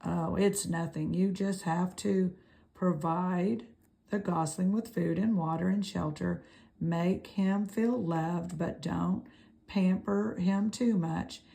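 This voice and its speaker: A woman voicing an old gray female goose in a storybook read-aloud, speaking in a brisk, scolding, matter-of-fact way. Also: lowish voice, steady tone, gravelly, mellow.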